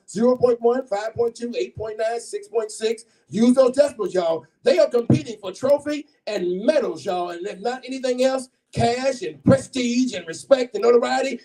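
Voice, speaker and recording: High-voiced man hyping a crowd. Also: brisk, few pauses, dark tone, recorded from a distance, rough recording. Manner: hypes up the crowd, playful and chatty. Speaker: poetry slam host. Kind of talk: live event hosting. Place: bookshop event space, live audience. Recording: voice heard from off-mic.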